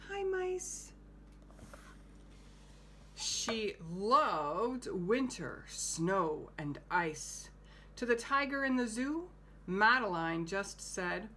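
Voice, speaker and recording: A woman reading a picture book aloud to young children, gently stopping to point out the pictures and ask questions. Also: medium pitch, lively intonation, takes it slowly, a little hiss or hum. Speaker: home-school teacher.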